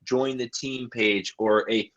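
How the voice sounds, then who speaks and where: A man's voice: mid-range voice, fairly even intonation, slow pace, fairly bright tone, muffled recording. A man hosting a business roundtable on a video call, earnest and encouraging as he sums up and turns to the audience. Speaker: roundtable host. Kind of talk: moderating a roundtable.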